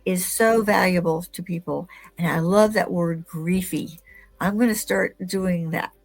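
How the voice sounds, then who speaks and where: A woman's voice: on the low side, measured pace, gravelly, soft background music. A woman hosting an interview podcast who often murmurs agreement and speaks with enthusiasm. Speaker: podcast host.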